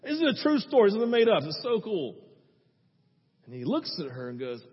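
A high-pitched, husky man preaches to his congregation, keeping it loose and chatty with constant check-ins. His voice rings through a big echoing hall. The sound is dull and lo-fi. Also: huge pitch swings, a little fast. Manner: conversational, with frequent "right?" asides. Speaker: pastor. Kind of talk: sermon.

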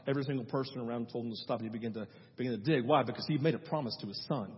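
A man's voice: medium pitch, racing, husky. A male pastor preaching a sermon, telling a story with emphatic, repeated phrases, in a dull, reverberant church hall recording.

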